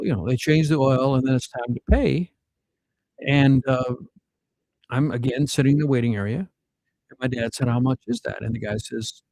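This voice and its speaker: A man's voice: mid-range voice, gravelly, a little mellow, rough recording. A man from South Dakota telling rambling family anecdotes in a casual podcast chat, full of fillers and restarts. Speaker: podcast guest.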